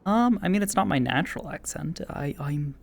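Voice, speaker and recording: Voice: medium pitch, lively intonation, moderate pace, vocal fry. A roleplay streamer chatting in character with a light put-on Irish accent, musing and rambling, a little self-conscious about the voice. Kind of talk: casual in-character roleplay chat.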